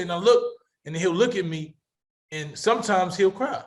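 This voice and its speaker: A man's voice: high voice, moderate pace, a little hiss or hum. A middle-aged man hosting a panel discussion, talking with passion and emphasis and repeating words as he builds his point. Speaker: talk show host.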